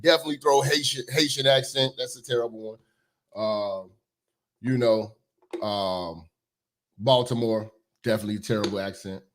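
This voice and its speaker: A man's voice: lowish voice, moderate pace, pauses often. A man hosting his own commentary show, talking in a blunt, profane, rambling way with lots of fillers. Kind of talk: casual opinion commentary.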